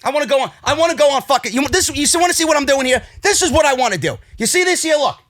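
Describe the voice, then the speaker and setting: Fired-up male show reviewer, New York accent, high bright voice, profane rants that boil over into shouting. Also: expressive, fast talker. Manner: furious profane ranting, swinging between shouting and weary grumbling. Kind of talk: angry ranting show review.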